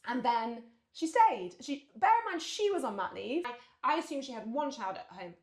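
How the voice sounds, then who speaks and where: Animated and often laughing, this podcast co-host recounts stories in a casual chat and voices what others said. She has a fairly high-pitched voice at normal speed, with a roomy sound.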